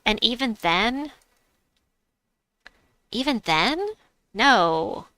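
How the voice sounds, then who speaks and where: A woman's voice: on the high side, very animated, extremely slow, bright, forceful tone, dry recording. A middle-aged woman hosting a game live stream, chatting casually, reading chat aloud and laughing at herself. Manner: chatty, giggly, self-mocking. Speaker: livestream gamer host.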